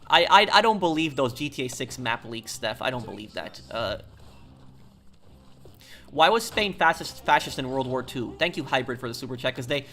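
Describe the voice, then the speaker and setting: A man with a medium-pitched voice that sounds pushed and bright hosts a live stream from the United States. While playing, he reads viewer comments aloud and answers them in a rambling, opinionated way.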